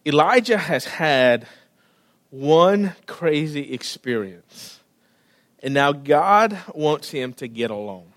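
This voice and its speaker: A man with a fairly high voice preaches a sermon. He tells the story in a loose, animated way with casual slang. He sinks to a near-whisper for the quiet moments. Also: takes it slowly. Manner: casual, with slang and frequent word repeats. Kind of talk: sermon retelling a scripture story.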